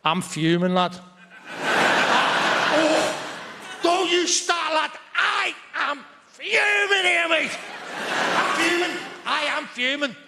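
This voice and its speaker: A man voicing an excitable, loud male Liverpool local with a Liverpool accent. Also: very high voice, slow pace, gravelly, pauses often, long reverb tail, very noisy, voice pushed up, heavily acted. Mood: fuming. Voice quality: shouty and emphatic.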